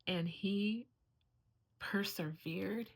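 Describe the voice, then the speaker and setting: A woman's voice: medium pitch, very slow, vocal fry. A middle-aged woman, a homeschooling mother, talking in a heartfelt, earnest way in a casual vlog, close to tears at times.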